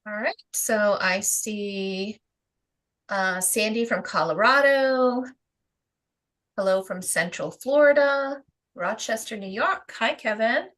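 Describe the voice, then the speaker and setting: A woman's voice: mid-range voice, slow pace, a bit bright. A woman with a Rhode Island accent hosting a live question-and-answer stream, chatty and upbeat, greeting viewers. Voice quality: chatty, upbeat, with fillers and little laughs. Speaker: host of a self-publishing Q&A.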